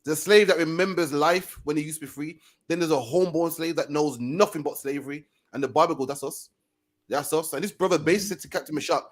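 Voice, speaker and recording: A man hosting a casual commentary show, talking in a forceful, preachy way and often ending phrases with "man". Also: on the high side. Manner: fast, forceful, preachy, keeps saying "man". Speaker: host.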